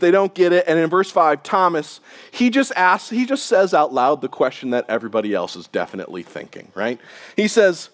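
Male pastor with a high voice giving a relaxed, chatty sermon at a church service. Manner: casual, conversational, with frequent tag questions.

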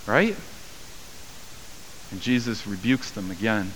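A man preaching a sermon as a pastor, acting out the voices of the people in his story with rising pitch and volume. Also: lively intonation, a little slow, sharp tone. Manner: acts out quoted voices with raised pitch and volume. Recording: long hall reverb with faint hiss.

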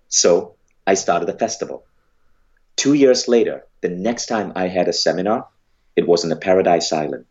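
A man's voice: low-pitched, a little mellow, lo-fi sound. A man, an entrepreneur, telling a motivational story about his business and book, emphatic and blunt, with casual swearing.

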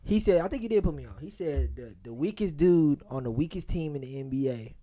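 Animated male podcast co-host. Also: fairly high pitch, a little fast. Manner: animated, storytelling. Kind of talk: casual group banter.

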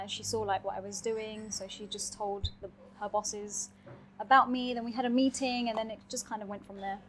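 A young woman from North London with a polished southern English accent, chatting casually as a guest about her vlogging and often trailing off softly. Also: on the high side, a little hiss or hum. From North London, England. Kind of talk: casual chat.

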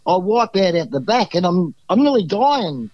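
A man's voice: sits high, big pitch swings, normal speed, a little mellow, dry recording, muffled recording. An Australian man talking as a podcast guest, telling rambling, exuberant stories full of restarts. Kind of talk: casual storytelling.

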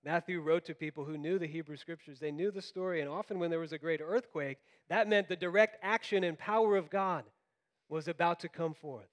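A man who grew up in Florida, preaching a sermon as pastor and acting out quotes in an animated storytelling manner. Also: a little high, brisk.

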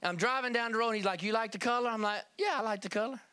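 A man's voice: sits high, very fast, bright, forceful tone, clear, resonant tone, no room sound. A man from Kentucky telling a folksy testimony in a sermon, calling on the church for amens. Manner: folksy storytelling, calls for amen. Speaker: preacher.

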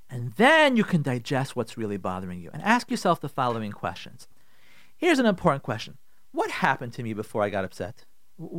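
A man giving marriage advice on a talk radio show, animated and repetitive, acting out people's inner voices. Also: fairly high pitch, dry recording, studio quality.

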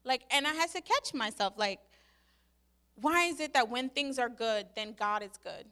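Bright-voiced young woman telling a story. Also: fairly high pitch, moderate pace. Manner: animated, acts out her own quotes, many "like" fillers. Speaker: speaker sharing a testimony. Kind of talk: casual storytelling testimony.

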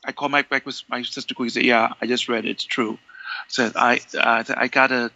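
A man, an interview guest telling animated stories and acting out the dialogue. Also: medium pitch, fairly quick, dry recording, muffled recording. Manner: animated, acts out quoted dialogue, many restarts. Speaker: interview guest, longtime fan. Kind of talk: conversational storytelling.

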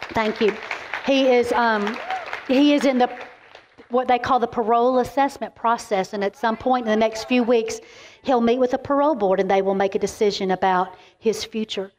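A middle-aged woman, giving a keynote as animated, emphatic sermon-style storytelling. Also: a little high. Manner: animated and emphatic, quick asides. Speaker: keynote speaker. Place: large event venue.

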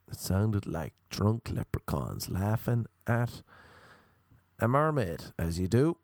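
A man's voice: lowish voice, lively intonation, slow pace, darkish tone, dry recording, clean studio sound. Sardonic Irish man telling a story. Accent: Irish, Cork. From Ireland. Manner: rambling, sardonic, swearing, acts out voices. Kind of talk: stand-up storytelling.

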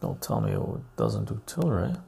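Gravelly-voiced man musing over stock charts. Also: low voice, huge pitch swings, normal speed, dark tone. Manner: thinks aloud while searching charts, muttering, with frequent "right?". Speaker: live-stream host. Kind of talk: casual live-stream commentary on stock charts.

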